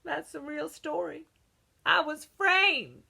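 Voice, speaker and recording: A sly storybook wolf pleading his innocence, as a woman reads him aloud. He confides slowly and with lots of melodic swings. A touch of gravel sits under the voice. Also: lowish voice, animated, fairly bright tone, a little hiss or hum, full character voice. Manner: conspiratorial storytelling, with gasps and sneezes. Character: male wolf telling his side, cheeky and self-pitying. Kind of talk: children's storybook reading.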